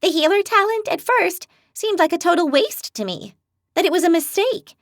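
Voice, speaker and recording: A woman's voice: extremely high pitch, animated, moderate pace, no echo, clean studio sound, voice pushed up. A woman voicing a blunt, quarrelsome but brave young woman healer in a fantasy audiobook. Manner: blunt, spirited.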